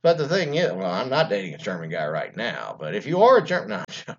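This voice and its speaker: A man's voice: fairly low pitch, huge pitch swings, a little fast, dull audio. A man hosting an internet radio talk show, rambling casually with many fillers and restarts and some crude jokes.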